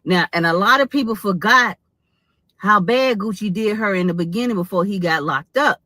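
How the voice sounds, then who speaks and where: A woman's voice: medium pitch, normal speed, sharp tone, no room sound. A woman giving opinion commentary in a played clip, lecturing and repeating her points for emphasis.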